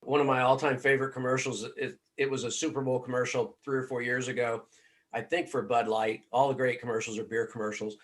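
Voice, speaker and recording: A man's voice: mid-range voice, flat delivery, brisk. A man hosting a sports podcast, asking questions in a chatty, easygoing way. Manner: chatty, laughs easily. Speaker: podcast host. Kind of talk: conversational interview.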